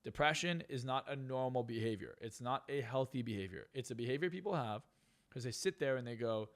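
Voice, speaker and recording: A man's voice: mid-range voice, fairly quick. A man on a podcast talking bluntly and profanely, ranting with strong opinions. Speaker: podcast guest. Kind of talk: casual podcast talk.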